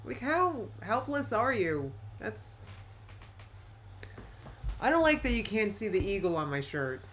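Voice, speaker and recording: A woman hosting a live reaction stream in a casual, rambling chat with quick asides. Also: on the high side, a little hiss or hum.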